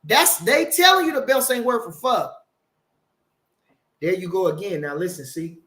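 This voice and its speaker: A man with a high-set voice talks boxing on his own live stream. He rambles, swears freely and presses his points hard, stopping now and then to read viewer comments aloud. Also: animated, moderate pace, pushed and bright. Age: older. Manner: swearing, rambling, emphatic, reads chat aloud. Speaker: boxing channel host.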